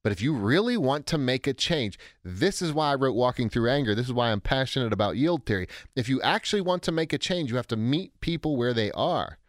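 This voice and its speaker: A man's voice: a little fast, hardly any pauses, no room sound, studio quality. A man, an author on anger, answering a listener's question in a conversational teaching monologue. He acts out quoted voices and often restarts his sentences. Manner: animated, acts out quotes with big pitch jumps, frequent restarts. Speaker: author and speaker on handling anger.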